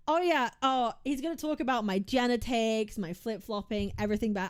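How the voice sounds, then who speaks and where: A woman's voice: a little high, moderate pace, few pauses. A woman game streamer venting to her chat in a casual livestream rant, frustrated and heavily profane, often repeating and restarting her words. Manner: talks straight to chat, venting about friends.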